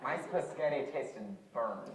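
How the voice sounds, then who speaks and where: A woman's voice: rumbling low, slow. Wally, a teen girl playing a whiny little boy. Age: teens. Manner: whiny and pestering. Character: mischievous little boy, bratty and pushy. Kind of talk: stage play acting. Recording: echoey stage audio.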